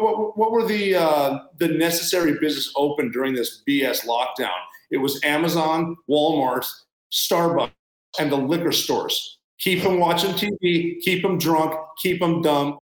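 A man's voice: fairly high pitch, roomy sound, rough recording. A man in an interview as a former military guest, talking bluntly and sarcastically in a rambling casual way.

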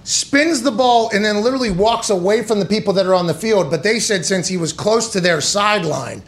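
A man's voice: sits high, fairly quick. A man hosting a sports talk show. He rants in a sarcastic, profane way and slips into mocking voices. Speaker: podcast host.

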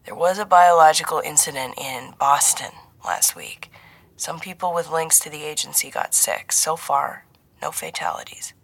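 A woman voicing a wry, fatherly male agency handler who speaks mildly and drops to a hush. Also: low-pitched, normal speed, vocal fry, slightly rough, no echo, full character voice. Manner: mild, teasing, then hushed and serious.

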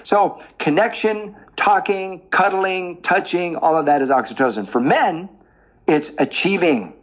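A man being interviewed as a dating coach, explaining with lively stories and examples. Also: high-pitched, a little slow, lo-fi sound. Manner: animated storyteller, explains with examples. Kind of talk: podcast interview.

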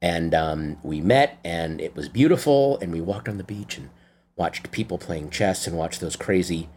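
A middle-aged man, co-hosting a podcast in casual chat, telling animated stories and teasing his partner. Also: low voice, moderate pace, slight background noise. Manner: animated storyteller, teasing, jumps into quoted voices. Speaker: podcast co-host.

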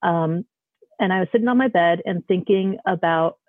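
A woman's voice: fairly low pitch, moderate pace, no room sound. Lady calling in on the phone, rambly story, lots of um and like, tinny and dry. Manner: rambling with many fillers and restarts. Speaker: caller. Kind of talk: casual storytelling. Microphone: phone call.

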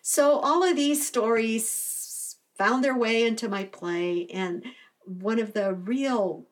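A woman's voice: on the high side, takes it slowly. A middle-aged woman from South Texas, a podcast guest telling stories and acting out the people she quotes. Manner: animated storyteller acting out quoted voices. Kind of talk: storytelling interview.

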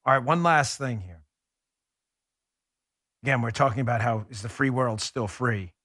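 Ranting bright-voiced male political host. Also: mid-range voice, moderate pace, no echo, clean studio sound. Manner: angry, sarcastic, emphatic ranting. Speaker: podcast host. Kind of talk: political commentary monologue.

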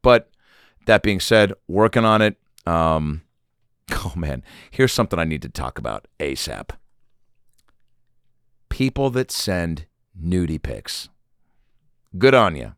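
Low-voiced guy doing a comedy rant, swoops up and down a lot, swears, pokes fun at himself. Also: very animated, slow pace, long pauses, a bit bright, clear, resonant tone, no echo, studio quality. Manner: rambling and profane, self-mocking. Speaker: podcast host. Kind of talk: comedic storytelling monologue.

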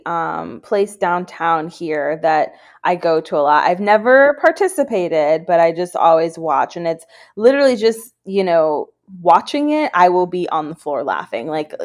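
An American woman hosts a podcast in a relaxed, chatty way. Her voice sits slightly low, and she talks with eager enthusiasm, leaning on "like" as a filler. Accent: American English. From United States. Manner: enthusiastic, uses "like" often. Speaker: podcast host. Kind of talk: casual interview chat.

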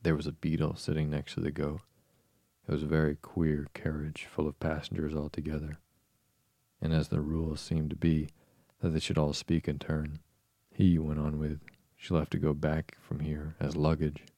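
A man narrating an audiobook in a measured, even way. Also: a bass voice, no echo.

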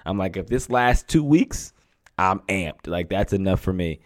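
A man in his thirties from Pennsylvania, co-hosting a sports podcast and telling stories in a casual, animated way. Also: low voice, measured pace, no room sound, studio quality. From Pennsylvania, USA. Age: 30s. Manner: animated storyteller, acts out quotes. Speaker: podcast co-host, former NFL receiver.

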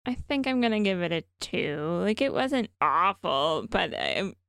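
A woman co-hosting a podcast, easygoing and agreeable in casual review chat. Her voice has a gravelly fry to it, and the recording is dry and close. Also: on the low side, very animated, a little slow, a bit bright, no room sound. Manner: easygoing, agreeable, laughs often. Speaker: podcast co-host.

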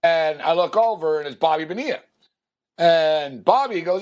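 Rambling storytelling man, fairly high voice. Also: a little fast. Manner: rambling, lots of fillers, acts out quotes. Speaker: podcast co-host. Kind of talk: casual storytelling.

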